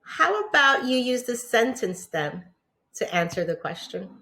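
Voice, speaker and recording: A woman teacher with a New York accent giving a patient lesson to young children, pausing for answers and praising them often. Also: a little high, sing-song, pushed and bright. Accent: New York English. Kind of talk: slow, encouraging classroom lesson for young children.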